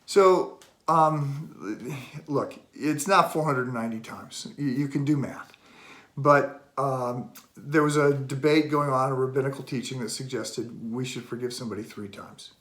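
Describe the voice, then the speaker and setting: Middle-aged male pastor, animated storyteller. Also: measured pace. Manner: animated, acts out dialogue with rising pitch. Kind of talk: devotional talk with storytelling. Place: relatives' home. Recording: roomy echo.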